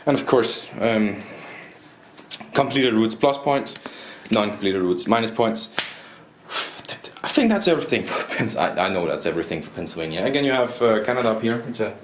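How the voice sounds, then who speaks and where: A man's voice: lowish voice, lively intonation, fairly quick, roomy sound, slight background noise. A man from Denmark reviewing a board game, talking casually and rambling, often repeating and correcting himself. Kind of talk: casual review with rules walkthrough.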